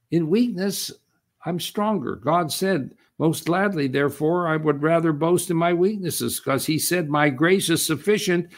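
Man preaching, scripture read slow. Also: fairly high pitch, creaky. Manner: reads scripture slowly with emphasis, then explains in loose conversational asides. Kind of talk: sermon.

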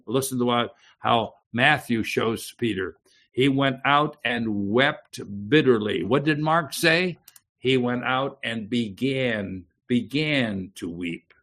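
A man preaching a sermon, reading Bible passages aloud with lively emphasis and frequent restarts and repeated words. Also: medium pitch, gravelly.

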